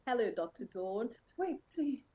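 A woman's voice: a little high, sing-song, moderate pace, warm tone, muffled recording. A woman hosting an interview show, chatty and playful, joking about herself. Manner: chatty, playful, self-deprecating. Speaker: host. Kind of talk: casual interview chat.

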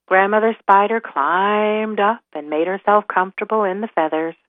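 A woman telling a folk tale, slow and dramatic in her delivery, heard over a tinny line. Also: mid-range voice, no echo. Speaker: storyteller. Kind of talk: storytelling narration.

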